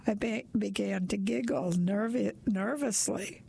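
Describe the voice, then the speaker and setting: A woman narrating a story aloud in a wry, deadpan manner. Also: medium pitch, takes it slowly, creaky. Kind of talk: storytelling reading.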